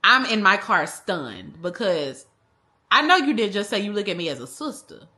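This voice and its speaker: A young woman telling a personal story in a casual, animated way, using slang and acting out the other people. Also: medium pitch, moderate pace. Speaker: vlogger. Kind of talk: storytime vlog.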